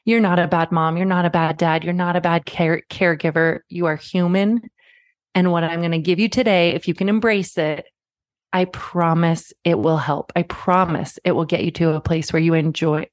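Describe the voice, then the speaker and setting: A woman in her thirties hosting a parenting podcast, talking straight to the listener in a warm, reassuring way, like a friend. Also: fairly low pitch, steady tone, moderate pace, over music. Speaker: podcast host. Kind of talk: podcast monologue.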